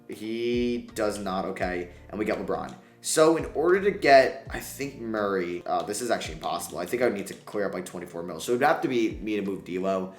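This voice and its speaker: A man giving casual commentary over a basketball sim playthrough, swinging between groaning pleas and excited shouts. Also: fairly low pitch. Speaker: gaming YouTuber. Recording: roomy echo.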